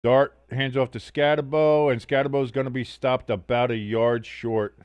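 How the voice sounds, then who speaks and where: A man's voice: mid-range voice, steady tone, moderate pace, darkish tone, clean tone, dry recording, muffled recording. A man hosting a casual football watch-along stream, calling plays and reading chat aloud with sardonic, profane humor. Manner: sardonic, swears a lot, reads chat aloud. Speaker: sports stream host.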